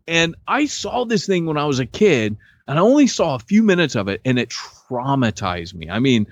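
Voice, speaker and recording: Forties dude co-hosting a podcast, super lively storyteller, slightly high voice, dry muffled sound. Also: male voice, moderate pace, no echo. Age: 40s. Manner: animated storyteller, acts out voices. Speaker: podcast co-host. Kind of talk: casual chat, storytelling.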